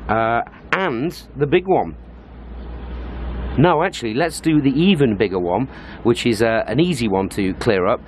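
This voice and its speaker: A British man in a casual travel vlog talks straight to his camera. He explains things at an easy, chatty clip, often pausing on "uh", in an ordinary mid-range voice. Faint street noise sits behind him. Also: medium pitch, animated, a little mellow. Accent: British English. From Britain. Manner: chatty, explanatory, with frequent "uh" fillers. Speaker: travel vlogger. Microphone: handheld compact camera.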